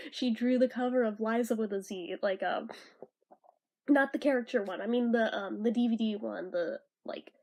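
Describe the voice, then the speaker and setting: A woman's voice: on the high side, darkish tone. A young woman vlogging in casual chat, rambling, laughing often and swearing casually.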